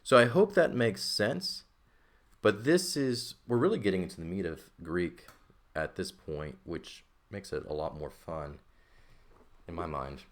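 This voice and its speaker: A man's voice: low voice, expressive, unhurried. A man teaching a recorded language lesson, explaining step by step, checking in with the listener and correcting himself as he goes. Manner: explanatory, checks in with "okay" and "right"; thinks aloud, self-correcting. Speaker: Greek teacher.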